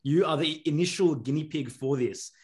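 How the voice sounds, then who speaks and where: A man's voice: fairly high pitch, normal speed, darkish tone. A man co-hosting a podcast who talks in a laid-back, casual way and swears now and then. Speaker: podcast co-host.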